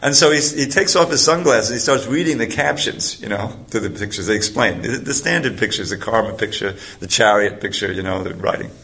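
A man's voice: lowish voice, brisk, vocal fry, hardly any pauses, bright, forceful tone. A man giving a talk, telling a story in a loose, rambling way. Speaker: speaker.

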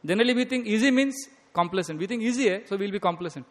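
A man's voice: sits high, lively intonation, very fast. A man delivers a devotional lecture, moving between storytelling and quoted scripture. His words carry a long reverb, as if spoken in a large hall. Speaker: speaker giving a devotional talk.

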